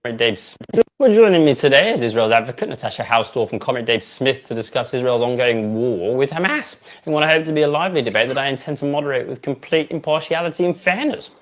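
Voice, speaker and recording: A man's voice: medium pitch, expressive, fast talker, lightly acted. A comedian voicing a brash, bossy male TV host who keeps cutting in. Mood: mock-solemn. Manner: repeatedly cuts in with "hang on". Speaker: comedic impressionist.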